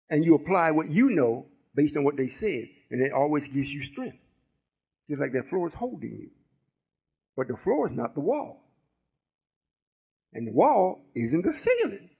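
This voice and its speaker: Older man, husky voice, slightly raised pitch, folksy preaching, muffled recording. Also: sing-song, moderate pace, pauses often. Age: 60s. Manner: folksy, rambling, call-and-response. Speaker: spiritual teacher. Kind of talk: informal sermon teaching.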